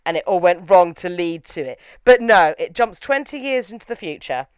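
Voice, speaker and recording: A young woman reviewing a horror film in casual chat, animated and opinionated with quick asides. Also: lowish voice, clean tone, no room sound. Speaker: film reviewer, podcast co-host.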